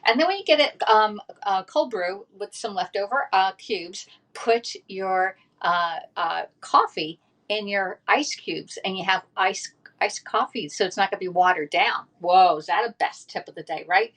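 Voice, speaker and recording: A woman's voice: mid-range voice, moderate pace, a bit bright. A woman, chatting casually on a livestream from home and rambling through a story with lots of fillers. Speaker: livestream host.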